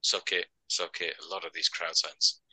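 A man's voice: sits low, flat delivery, moderate pace, pushed and bright, breathy edge, no echo, poor audio. A man co-hosting a wrestling podcast, chatty and joking as he rambles through match recaps. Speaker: podcast co-host. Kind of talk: casual chat.

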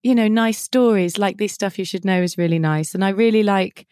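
A woman's voice: mid-range voice, a little fast, darkish tone, smooth, dry recording. Chatty woman, dry close sound. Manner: chatty, enthusiastic, gushing. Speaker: podcast guest. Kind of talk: casual chat.

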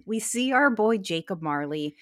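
A woman's voice: mid-range voice, animated, moderate pace, no room sound, studio quality. A woman hosting a casual TV recap podcast, candid and sweary, laughing often. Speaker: podcast host.

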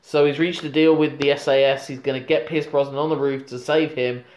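A man's voice: mid-range voice, little pitch movement, fairly quick, darkish tone, echoey room. A man recapping a film plot in casual chat, with dry asides. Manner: narrates plot in long runs, dry asides. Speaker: podcast co-host recapping a film.

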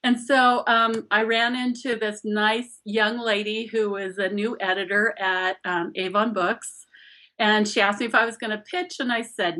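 A woman's voice: mid-range voice, unhurried. A middle-aged woman, an author being interviewed, chatting casually and acting out her own quotes with frequent laughs. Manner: animated storyteller, acts out quotes, laughs often. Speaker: author guest.

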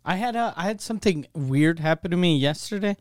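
A man's voice: high-pitched, fairly quick, dry recording, studio quality. A man from Canada co-hosting a podcast, telling a story in casual, profane chat and acting out phone calls. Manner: profane, animated storytelling, acts out quoted calls. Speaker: podcast co-host.

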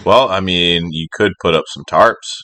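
A man trading quick, teasing one-liners in a casual chat with his co-host. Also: low-pitched, sharp tone, dry recording.

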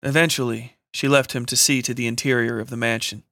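A man narrating a scripted horror story in a steady, measured reading. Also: medium pitch, no echo, studio quality.

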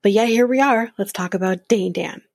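Snarky woman podcast host, husky. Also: mid-range voice, moderate pace, darkish tone, no room sound, studio quality. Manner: snarky, swears, laughs often, acts out quotes. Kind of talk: casual recap chat.

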